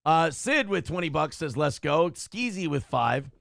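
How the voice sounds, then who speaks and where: Animated, gravelly-voiced male talk host. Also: on the high side, measured pace, no room sound, clean studio sound. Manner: animated, swings into jokey put-on voices. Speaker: co-host of a streamed talk show. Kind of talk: loose, profane banter.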